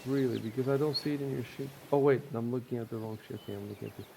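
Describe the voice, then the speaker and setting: A man's voice: mid-range voice, steady tone, racing, vocal fry, warm tone, slight background noise, low-quality recording. A man running a tabletop game, explaining rules with many fillers and restarts. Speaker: game master.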